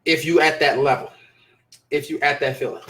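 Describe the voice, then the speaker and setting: Male live-show host, slightly higher voice, emphatic and repetitive, casual delivery. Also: fairly even intonation, moderate pace, a bit bright. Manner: emphatic, repeats phrases for stress. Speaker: live show host reading viewer comments. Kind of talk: casual live-stream talk.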